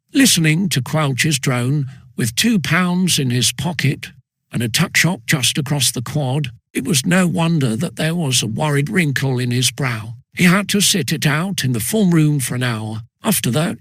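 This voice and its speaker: Male audiobook reader, husky timbre, dry close recording. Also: fairly high pitch, a bit bright, no room sound. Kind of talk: scripted storybook narration.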